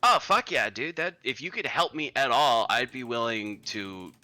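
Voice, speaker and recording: A man's voice: medium pitch, lively intonation, moderate pace, sharp tone, no room sound. A man voicing an exasperated male relative at his wit's end, talking in a harried, pleading way.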